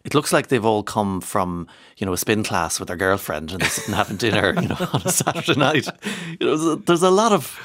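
A man hosting a radio chat in a studio, his talk rapid and tumbling along. He teases his guest with quick jokes and keeps the banter moving. His pitch sits right in the middle for a man. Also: fairly bright tone. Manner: teasing, chatty, quick to joke. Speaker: radio show host. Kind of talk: casual radio chat interview.

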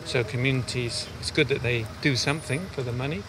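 A man's voice: medium pitch, a little fast, background noise. A man working as an aid worker, explaining things step by step in a field interview on a mountain path. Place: outdoors on a steep mountain path.

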